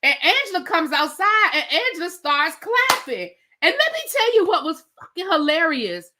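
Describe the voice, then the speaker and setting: A bright, high-pitched woman with cadence runs through a reality TV episode. Her voice swoops up and down as she acts out the cast's lines and throws in slangy asides, all in an easy, chatty recap. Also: normal speed. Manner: animated storyteller acting out quotes, slangy asides. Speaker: reality TV reviewer. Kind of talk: casual recap commentary.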